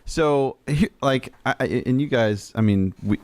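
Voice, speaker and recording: A man hosting a casual interview, asking questions in loose, halting phrases full of "like". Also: mid-range voice, a little mellow. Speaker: interview host.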